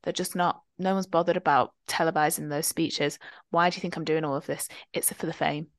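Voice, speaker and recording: A woman's voice: low voice, fairly even intonation, fairly quick, no echo, studio quality. A young woman co-hosting a podcast, telling wry anecdotes in casual chat. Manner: chatty, wry, storytelling. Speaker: podcast co-host.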